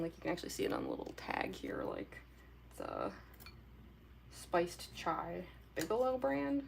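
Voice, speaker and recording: A woman's voice: lowish voice, vocal fry, slightly rough. A young woman chatting casually with her viewers during a drawing livestream. She giggles often and talks in a loose, rambling way with lots of fillers. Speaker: artist livestreamer.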